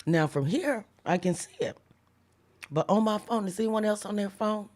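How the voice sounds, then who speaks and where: A woman's voice: medium pitch, a little mellow. Chatty woman preaching a live devotional. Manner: chatty, reads viewer comments aloud, slows down for emphatic lines. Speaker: host of a live devotional stream. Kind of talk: casual livestream devotional preaching.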